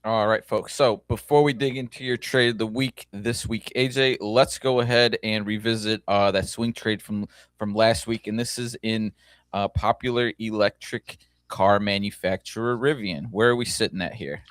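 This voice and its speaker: Smooth, lowish-voiced male co-host. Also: normal speed, dry recording. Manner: relaxed, conversational, many fillers. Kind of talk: casual show chat.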